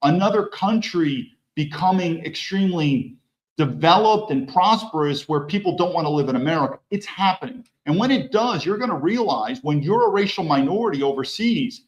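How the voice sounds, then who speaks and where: A man with a somewhat high voice that rises and falls a lot as he comments bluntly on news clips. He talks in a mocking, animated way, and the sound is muffled and lo-fi. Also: moderate pace. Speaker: political commentator host.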